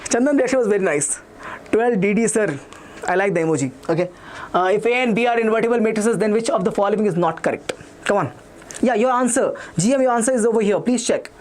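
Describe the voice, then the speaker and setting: A young man with an Indian English accent teaching a live online maths revision class, talking quickly and repeating himself while reading out students' comments. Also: high voice. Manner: fast, repetitive, reads students' chat comments aloud.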